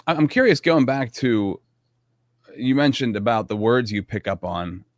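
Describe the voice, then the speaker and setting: Guy hosting a podcast, curious, kinda halting questions, dry close-mic sound. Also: medium pitch, dry recording. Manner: curious, hesitant questioning with restarts. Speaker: podcast host. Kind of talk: interview, asking questions.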